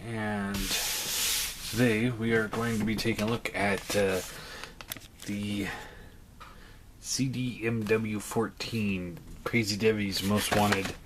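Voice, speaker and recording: A man casually reviewing a toy on a home vlog, talking in a hesitant, relaxed way full of ums and uhs. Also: on the low side, noisy background.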